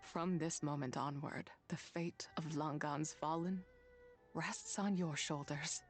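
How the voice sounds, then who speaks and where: A woman voicing a solemn female spirit, the leftover wrath of an immortal, in a grave, measured, poetic manner for a game. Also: sits low, sing-song, soft background music, full character voice. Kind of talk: game voice acting.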